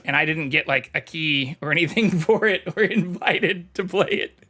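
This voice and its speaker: A man's voice: on the high side, pushed and bright. A man chatting casually on a live stream, reading chat aloud and swearing freely. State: talking with mouth full.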